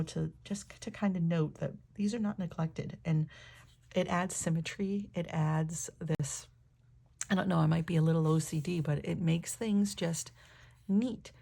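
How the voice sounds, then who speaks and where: A woman with a croaky morning voice, chatting casually and enthusiastically as she shows off a new planner. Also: lowish voice, normal speed, mellow. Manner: enthusiastic, thinking aloud with fillers. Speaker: planner vlogger. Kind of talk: casual show-and-tell narration.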